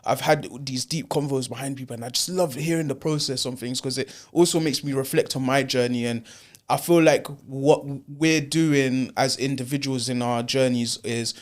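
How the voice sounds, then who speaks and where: A man's voice: medium pitch, steady tone, moderate pace. A young man hosting an interview, speaking enthusiastically and casually, with "bro" and "man" peppered through his talk. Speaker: interview host.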